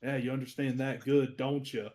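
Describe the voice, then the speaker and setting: A man's voice: mid-range voice, flat delivery, normal speed, darkish tone, a little hiss or hum. Rambling man playing his character. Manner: rambling, hesitant, with many fillers. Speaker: player. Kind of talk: in-character tabletop play.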